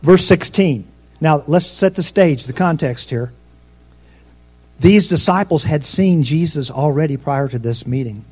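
Conversational preacher man, slightly high voice. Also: unhurried, darkish tone, husky. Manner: conversational storytelling with asides to the congregation; rises in pitch and force for emphasis. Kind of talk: sermon.

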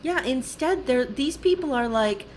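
Lively-voiced woman podcast co-host. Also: high-pitched, measured pace, a little hiss or hum. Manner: blunt, swears, laughs often. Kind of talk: casual recap chat.

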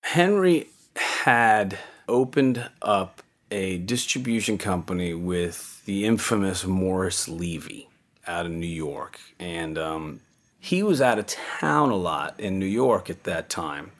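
A man's voice: sits low, expressive, a little slow. An older man casually telling a story from his own past, rambling a little, with fillers and restarts. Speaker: interviewee recalling his music-business career.

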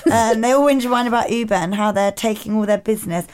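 A woman co-hosting a podcast, reading out listener rants in a blunt, sweary, animated way. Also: fairly high pitch, fast. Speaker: podcast co-host.

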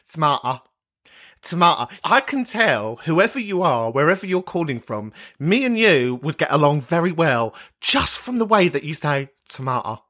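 A man hosting a podcast, chatting casually and swearing freely as he reacts to listener voice notes, gossipy and quick to laugh. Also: a little high, sharp tone. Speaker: podcast host.

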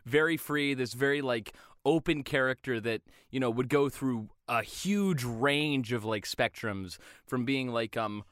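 A young man chatting casually on a podcast about cartoons, animated and quick to break into loud impressions. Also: mid-range voice, clean tone, no echo, studio quality.

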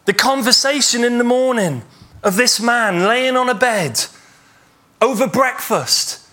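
A man preaching a sermon as pastor, retelling a story with lively acted-out dialogue. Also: very high voice, a little slow. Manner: animated storytelling, acts out imagined dialogue.

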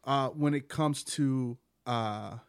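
A man co-hosting a casual faith podcast, sniffly with a cold, explaining things haltingly with many restarts. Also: medium pitch, clean tone, dry recording, studio quality. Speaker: podcast co-host.

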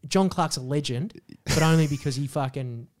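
A man's voice: fairly high pitch, moderate pace, darkish tone. A young Australian man co-hosting a podcast, ranting in mock outrage with constant swearing. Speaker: podcast co-host. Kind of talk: casual podcast banter.

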